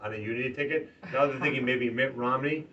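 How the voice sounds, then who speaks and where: A man delivering an emphatic campaign stump speech, moving between loud rallying lines and quiet, earnest stretches. He sounds far from the mic, on a dull, lo-fi recording. A faint room ambience hums behind him. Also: medium pitch, fast talker, slight background noise. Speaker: political candidate. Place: party office meeting room.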